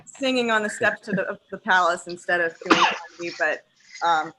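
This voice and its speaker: A young woman performing a stand-up set on a video call, emphatic and profane, pausing like a preacher between lines. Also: lowish voice, a loud crowd, low-quality recording. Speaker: stand-up comedian.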